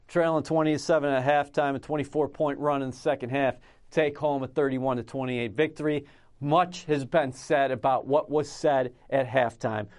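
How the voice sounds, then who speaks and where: Higher-voiced male sports podcast host. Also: a little mellow. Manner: brisk, prompting interviewer.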